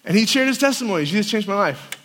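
A man's voice: sits high, animated, rapid-fire, a bit bright. A man, a campus pastor, preaching a sermon and telling stories, animatedly acting out the quotes. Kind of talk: sermon with storytelling. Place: large hall at a winter camp. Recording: long reverb of a hall.

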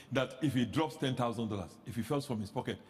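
A man pastor preaching a sermon, animated, with rhetorical questions that rise into shouts. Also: medium pitch, a little fast, in a large hall.

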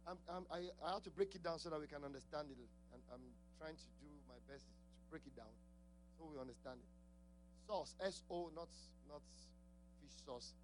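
A man's voice: fairly high pitch, brisk, slight background noise. A man with an accent preaching a sermon, laughing often, asking the congregation questions and repeating key words. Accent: non-native English accent.

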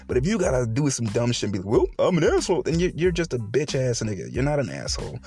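A man's voice: medium pitch, big pitch swings, fast talker, darkish tone, faint music behind. A man hosting a solo podcast, ranting bluntly with heavy swearing and frequent laughter. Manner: profane, blunt, laughing often; mocking quoted voices. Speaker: podcast host.

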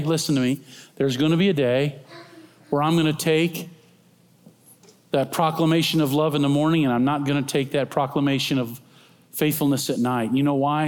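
A middle-aged male pastor preaching a sermon, moving between soft, slow passages and loud, emphatic proclaiming. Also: on the high side. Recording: long hall reverb.

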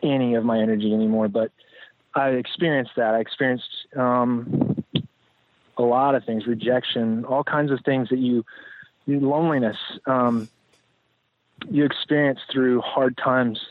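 A man's voice: medium pitch, fairly even intonation, measured pace, no echo. A man talking as a podcast guest, reflective and rambling with many fillers and restarts. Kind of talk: casual interview talk. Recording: tinny phone-like line, dry.

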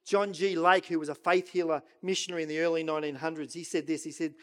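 High-voiced pastor preaching with swelling intensity. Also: male voice, little pitch movement. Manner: swings between loud urging and hushed, slow prayerful quoting. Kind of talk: sermon.

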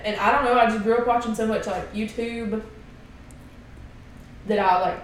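A young woman from Wisconsin co-hosting a casual podcast, chatty and rambling through quick reactions. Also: fairly high pitch, steady tone, slight background noise. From Wisconsin, United States. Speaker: podcast co-host. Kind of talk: casual chat. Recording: echoey and distant from the mic.

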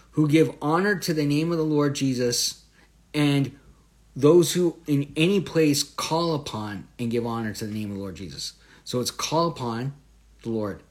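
Earnest man teaching a Bible study. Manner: earnest, conversational, asks rhetorical questions; swells louder and higher on scripture phrases.

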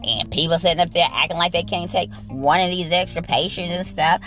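A woman's voice: lowish voice, fairly quick, hardly any pauses, a bit bright, faint music behind. A woman nurse telling a work story as a blunt, profane and exasperated rant.

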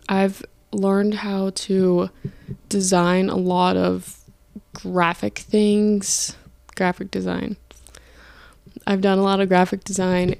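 A woman's voice: mid-range voice, gravelly, a little mellow, no echo. A young woman in college hosting a casual solo podcast from her dorm room, rambling and chatty, often stopping to correct herself. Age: young adult. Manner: rambling, self-interrupting, chatty. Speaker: podcast host. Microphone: podcast mic, filmed for video.

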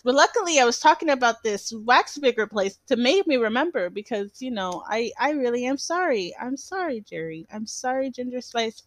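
A woman's voice: a little high, fairly bright tone, no room sound. A young woman hosting a casual solo podcast, rambling with lots of fillers and restarts and laughing often. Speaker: podcast host.

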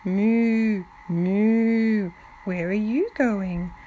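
A woman's voice: mid-range voice, steady tone, extremely slow, mellow, a little hiss or hum. A woman voicing a kind, motherly farm cow in a storybook reading. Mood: kindly. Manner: kind, offering.

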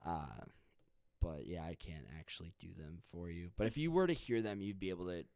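Low, smooth-voiced young man, rambling. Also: lively intonation, brisk, a little mellow, dry recording. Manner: rambling, lots of fillers and restarts. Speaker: podcast host. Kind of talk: casual chat.

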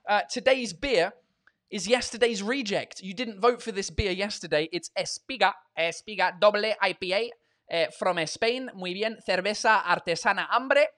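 A man with a notably high voice, hosting his own comedy podcast and live show. He rambles casually, full of fillers and swear words, mocking himself along the way. He sounds tired. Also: moderate pace, fairly bright tone. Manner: swears freely, self-mocking, chatty with many fillers. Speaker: comedy podcast and livestream host.

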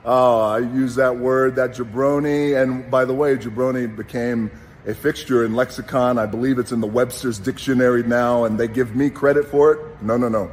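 A man's voice: medium pitch, steady tone, slight background noise. Earnest man in a reverberant space. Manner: earnest, unhurried, with pauses and fillers. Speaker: wrestler giving a tribute. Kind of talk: heartfelt spoken tribute.

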